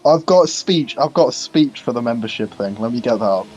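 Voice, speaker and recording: A man's voice: mid-range voice, expressive, a little fast, darkish tone, muffled recording. A man, co-commentating a sim race in a casual, informative way. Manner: informative, mock-formal when reading promos.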